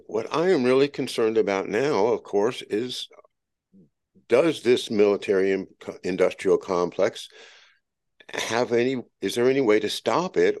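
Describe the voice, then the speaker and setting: A man talking in a casual conversation, often halting and repeating words. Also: on the low side, a little mellow.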